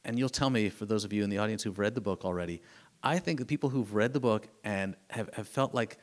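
Earnest low-voiced man telling stories. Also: fast talker. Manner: earnest, animated storytelling with fillers and restarts. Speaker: author. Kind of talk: live author talk, answering a moderator. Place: museum event room with audience.

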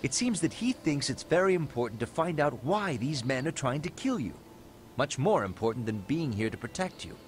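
A man's voice: medium pitch, big pitch swings, normal speed, lightly acted. An actor playing an earnest, worried male companion in a computer game. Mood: concerned. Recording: game dialogue with faint noise.

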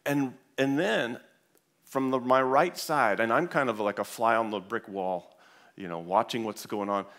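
A man's voice: mid-range voice, measured pace, fairly bright tone. A man speaking at a church event, telling an anecdote to an audience with many fillers and restarts. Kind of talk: storytelling talk to an audience.

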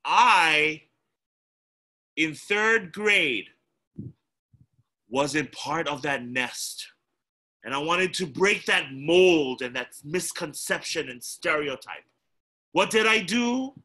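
A young man from Hawaii giving an animated, storytelling talk to children as a guest speaker over a video call. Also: a little high, slow pace, pauses often. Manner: animated storyteller, acts out his younger self.

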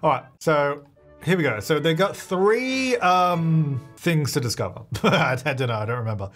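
A man's voice: fairly high pitch, lively intonation, moderate pace, fairly bright tone, faint music behind. A man hosting a gaming video, giving chatty, self-mocking gameplay commentary and laughing often.

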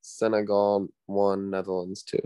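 A man's voice: fairly low pitch, monotone, a little slow, dark tone, clean tone, no echo. A man giving laid-back, brief answers as a guest on a casual football podcast.

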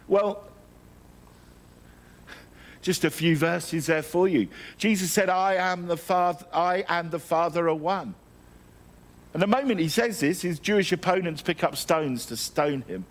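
A man's voice: sits high, animated, measured pace. A middle-aged man from England preaching a sermon, telling stories with self-deprecating humour and frequent restarts. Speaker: guest preacher.

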